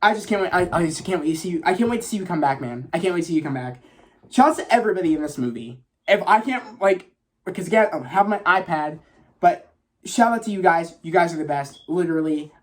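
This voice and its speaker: Excited rambling man reviewing a film. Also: on the high side. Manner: excited, rambling, many fillers and restarts, swears. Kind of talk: casual spoiler review.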